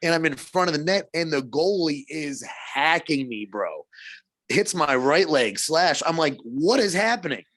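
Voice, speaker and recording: A man in a casual podcast chat, telling stories in an animated way, swearing and laughing often. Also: a little high, a little slow, dry recording. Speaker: podcast co-host.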